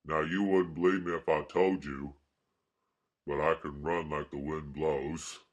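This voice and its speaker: A man's voice: very deep voice, level tone, unhurried, highs cut off. Forrest Gump, as a man puts him on: earnest, simple Southern man.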